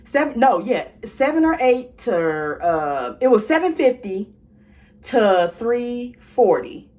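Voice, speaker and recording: A young woman vlogging, telling a storytime straight to her viewers in a sassy, animated way. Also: on the high side, unhurried. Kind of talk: casual storytime chat.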